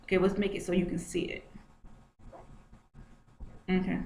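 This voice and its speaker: A woman's voice: on the low side, level tone, normal speed, darkish tone. Agitated woman repeating herself, roomy echo. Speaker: vlogger. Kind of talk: screen-share commentary. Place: home, at a computer. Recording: roomy echo, faint noise.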